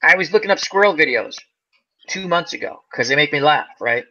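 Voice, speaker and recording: A man's voice: fairly high pitch, a little fast, lo-fi sound. A man hosting a casual chat, telling animal stories and acting out the voices. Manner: animated storyteller, acts out voices. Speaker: host.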